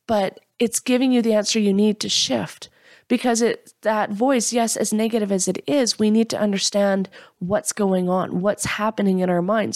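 A woman's voice: mid-range voice, a little mellow, no echo, clean studio sound. A woman giving an earnest, encouraging motivational talk, openly sharing her own setbacks. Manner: earnest, encouraging, self-deprecating.

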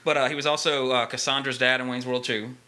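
A man's voice: medium pitch, flat delivery, fast, bright, forceful tone. A man co-hosting a podcast in casual chat, firing off teasing questions and chuckling. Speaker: podcast co-host.

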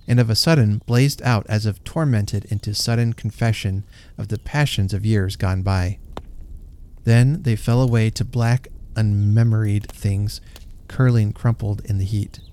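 Narrator for a classic story read aloud: man, mellow warm tone, unhurried and gentle. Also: lowish voice, steady tone.

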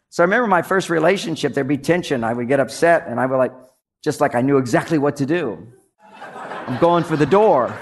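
An older man giving a humorous talk on relationships, acting out little scenes as he tells stories to a laughing audience. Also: a little high. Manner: animated storytelling, acts out quotes, audience laughter. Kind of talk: comedic stage talk.

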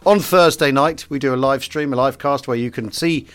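A man's voice: medium pitch, normal speed. A man co-hosting a history podcast, chatting casually, laughing often and restarting his sentences. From England. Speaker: podcast co-host. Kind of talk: casual chat.

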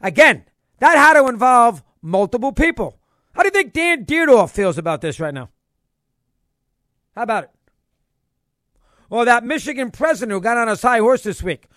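A male sports radio host giving an emphatic, excitable opinion monologue and hammering his points through repetition. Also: very high voice, normal speed, pauses often, no echo.

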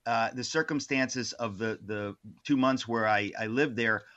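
Bright-voiced man telling stories. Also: mid-range voice, a little slow, muffled recording. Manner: animated, many restarts and asides. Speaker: author guest. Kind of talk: casual interview storytelling.

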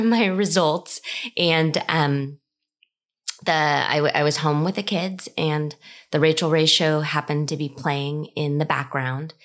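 Low-pitched middle-aged woman, animated storyteller who acts out the voices she quotes. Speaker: cookbook author. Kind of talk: personal storytelling.

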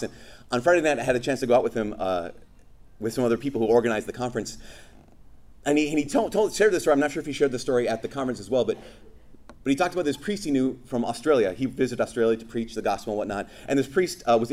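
A man preaches a sermon with animated storytelling. He slips into quoted voices as he retells scripture and anecdotes. His pitch sits in an ordinary middle range.

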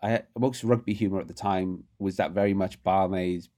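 A man telling rapid, animated anecdotes as a podcast guest, often restarting his sentences. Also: low voice. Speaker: guest, rugby writer. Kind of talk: casual storytelling interview.

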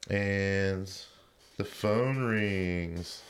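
A man co-hosting a podcast, casually retelling film scenes with quick quoted voices and laughter. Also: on the low side, slight background noise. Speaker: podcast co-host. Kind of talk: casual chat recapping a film.

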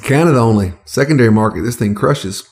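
A man's voice: mid-range voice, lively intonation, fast talker, darkish tone. A man from the American South co-hosting a casual whiskey tasting, easygoing and joking, with hesitant restarts.

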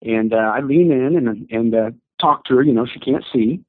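A man telling an animated story of faith as an interview guest, acting out the voices of the people he quotes. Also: mid-range voice, moderate pace, no room sound. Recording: dry, tinny phone-like audio.

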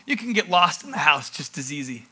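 A male pastor preaching a sermon in an animated way, with dramatic pauses and sudden loud bursts. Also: fairly high pitch, breathy edge.

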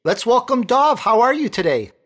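A man's voice: very high-pitched, very animated, moderate pace, fairly bright tone. A man hosting a talk show, introducing guests with enthusiasm. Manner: enthusiastic, exclaiming. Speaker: host. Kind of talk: upbeat podcast hosting.

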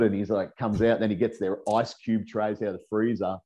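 A man's voice: on the low side, brisk, warm tone. A middle-aged Australian man telling rambling, profane stories in a casual chat, laughing as he goes. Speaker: guest.

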